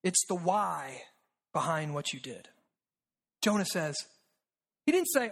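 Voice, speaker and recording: A preacher giving a sermon who repeats phrases, asks "right?" often, and sinks low and quiet to stress a point. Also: big pitch swings, slow, long pauses, slightly rough. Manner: rhetorical and repetitive, with frequent "right?" asides; drops low and quiet for emphasis.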